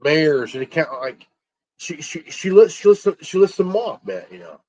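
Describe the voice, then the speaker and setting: A man ranting alone on his stream, angry, stumbling and repeating words, swearing and filling pauses with ums. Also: on the high side, very animated, darkish tone, a little hiss or hum. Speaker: stream host. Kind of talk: angry solo rant. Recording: dull lo-fi stream audio.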